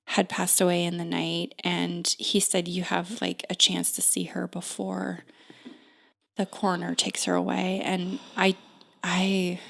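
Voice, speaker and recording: A woman in her thirties telling a personal story as a podcast guest, unhurried and full of "like" fillers and restarts. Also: lowish voice, gravelly, fairly bright tone.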